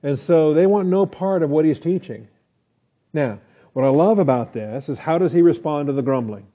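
A man teaching a Bible lesson as a pastor, relaxed and folksy, with frequent fillers and chuckles. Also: on the high side, normal speed, muffled recording.

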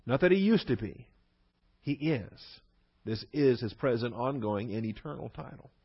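A man's voice: medium pitch, lively intonation, moderate pace, husky, highs cut off. A man teaching through a Bible passage verse by verse, leaning hard on key words between fillers and restarts.

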